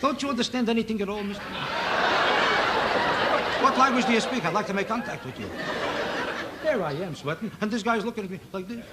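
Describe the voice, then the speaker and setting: A man doing a stand-up routine on a TV variety show, needling an audience member with quick rhetorical questions. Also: high-pitched, over a noisy crowd. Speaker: stand-up comedian. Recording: loud noise on an old TV broadcast recording.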